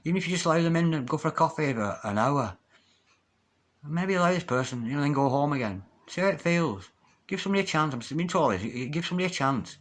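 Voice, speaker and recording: A man giving a solo tarot reading to his viewers, chatty and encouraging, with sudden loud exclamations that drop to hushed, near-whispered asides. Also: fairly high pitch, animated, quick pace. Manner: chatty, encouraging, repeats pet phrases. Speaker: tarot reader.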